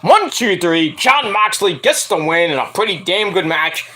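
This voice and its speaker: His voice is high and sharp, animated but at a normal speed, as he gives a casual spoken review of a wrestling show. It's a rambling, profane take stuffed with fillers.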